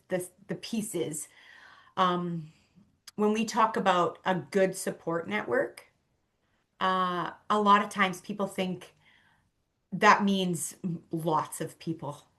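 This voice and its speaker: A woman's voice: mid-range voice, fairly bright tone. A woman talking as a podcast guest, earnest and conversational, with many fillers and restarts. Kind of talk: casual conversation.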